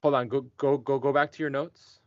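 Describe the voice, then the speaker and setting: A man's voice: mid-range voice, level tone, a little fast, darkish tone, no echo. A man teaching a student one-on-one, patient and encouraging, checking in with the student often. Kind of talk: one-on-one tutoring session. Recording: dull dry lo-fi recording.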